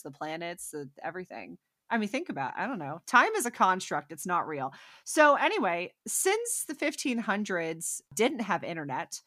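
Animated young woman, dry close sound. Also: on the low side, no echo. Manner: animated and profane, storytelling with emphatic bursts. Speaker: podcast co-host. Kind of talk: casual chat.

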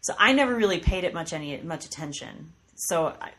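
A woman in her thirties chatting casually on a podcast, telling lively stories and acting out what others said. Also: lowish voice, fairly quick. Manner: animated storyteller, acts out voices in quotes. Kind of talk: casual chat. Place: studio with microphones.

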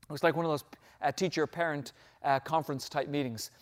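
A middle-aged man preaching a sermon, telling a personal story earnestly, swelling louder on key phrases and dropping almost to a whisper. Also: a little high, fairly even intonation, a little fast. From Ireland. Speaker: pastor.

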